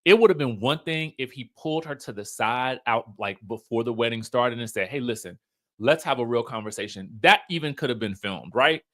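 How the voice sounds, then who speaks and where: Brisk and barely pausing, a mid-range male voice runs through a chatty reality-show recap. He's emphatic and animated, raising his voice to act out the cast's lines.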